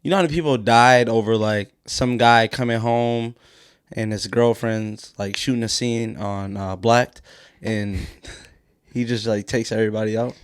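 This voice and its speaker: A man's voice: medium pitch, fairly even intonation, unhurried, smooth, no echo, clean studio sound. A man co-hosting a podcast, joking and teasing in crude casual banter. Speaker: podcast co-host. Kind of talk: casual chat.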